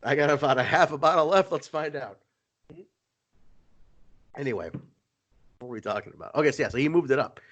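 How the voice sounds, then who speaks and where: A man's voice: medium pitch, fairly quick, long pauses, fairly bright tone, highs cut off. A man co-hosting a casual wrestling podcast, rambling and joking as he tells stories. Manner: rambling, jokey storytelling. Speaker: podcast co-host. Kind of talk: casual chat.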